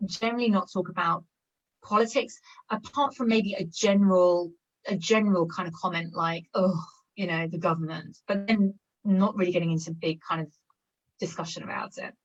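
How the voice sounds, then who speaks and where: A woman's voice: on the low side, steady tone, a little fast. Chatty woman on a dull lo-fi call. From London, England. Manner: chatty, laughs often, many fillers. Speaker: guest speaker on British culture. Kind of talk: live online Q&A, casual explanation.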